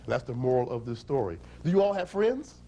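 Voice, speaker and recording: A man telling a folk tale to children in a library, animated and drawing his audience in. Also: mid-range voice, fast. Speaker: storyteller. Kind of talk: storytelling for children.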